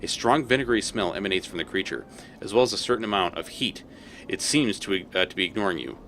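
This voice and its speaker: A man's voice: low voice, fast talker, a bit bright, a little hiss or hum. A man streaming a game live, reading its text aloud and reacting with exclamations.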